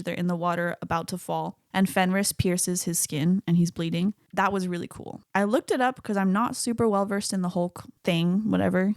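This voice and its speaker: A woman's voice: mid-range voice, a little mellow, no echo, studio quality. A woman hosting a solo podcast, talking casually and chattily about a movie, swearing freely. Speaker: podcast host.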